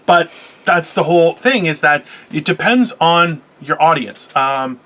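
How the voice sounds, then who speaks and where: A man's voice: on the high side, animated, unhurried, fairly bright tone. A man in his forties co-hosting a casual talk show, blunt and lecturing, often talking over his co-host. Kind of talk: casual chat.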